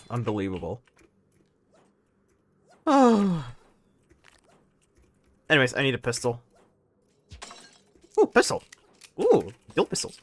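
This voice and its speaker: A man's voice: high voice, vocal fry, a bit bright. A young man chatting casually on a live stream while gaming, rambling animatedly and laughing often.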